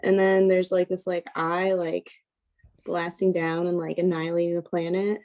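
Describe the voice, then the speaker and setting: A woman's voice: lowish voice, flat delivery, normal speed, darkish tone. A woman describing her comic on a video call, rambling and filling her talk with "like". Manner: rambling, filler-heavy. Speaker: workshop participant. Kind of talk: casual sharing on a video call.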